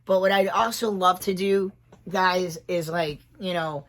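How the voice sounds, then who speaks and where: A trans man in his forties hosts a casual livestream chat, rambling from one thought to the next and often laughing at his own jokes. His voice is high and a bit bright, with fairly even intonation and a slightly slow delivery.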